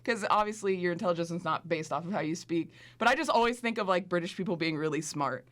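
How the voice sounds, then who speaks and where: A woman's voice: on the low side, quick pace. A young woman co-hosting a casual radio chat, giggling often. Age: young adult. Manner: giggly, lively, often breaks into laughter. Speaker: co-host. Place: radio studio. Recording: college radio studio.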